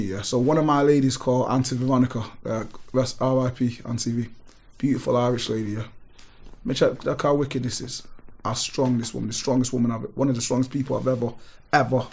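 A man, a gym owner telling stories in an animated, emphatic way full of street on a casual podcast. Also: medium pitch, husky. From Britain. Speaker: gym owner and powerlifting guest.

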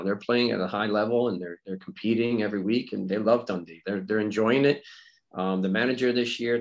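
Middle-aged guy with a lowish voice, chatty podcast guest, animated storyteller. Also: creaky, low-quality recording. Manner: animated storytelling, quick imitations, laughs often. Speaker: guest, former player and coach. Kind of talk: casual conversation.

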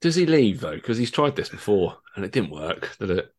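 A man's voice: lowish voice, very animated, moderate pace, darkish tone. A man hosting a casual football podcast, joking and steering the chat. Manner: jokey, moves the talk along.

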